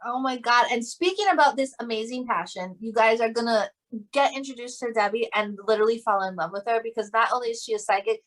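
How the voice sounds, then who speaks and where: Woman podcast co-host, slightly high voice, gushing and effusive. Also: fast, fairly bright tone. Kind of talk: enthusiastic guest introduction.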